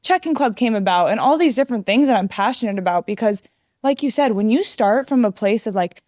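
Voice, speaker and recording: Young woman guest, candid and earnest, slightly high voice, dry close mic. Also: animated, fairly quick, darkish tone, no room sound. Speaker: guest, app founder. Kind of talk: casual interview talk.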